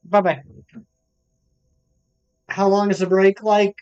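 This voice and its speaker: A man's voice: fairly high pitch, normal speed, darkish tone, clean tone, no room sound, highs cut off, faint music behind. A man streaming a game live, chatting casually and reading viewer comments aloud. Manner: chatty, reads chat aloud, self-deprecating. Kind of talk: live stream chat while gaming.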